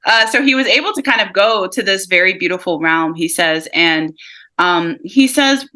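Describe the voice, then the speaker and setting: A woman giving a live mediumship reading over a video call, relaying messages calmly and softly, often laughing between them. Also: lowish voice. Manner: relays messages in a calm, soft, slow delivery, with frequent laughs.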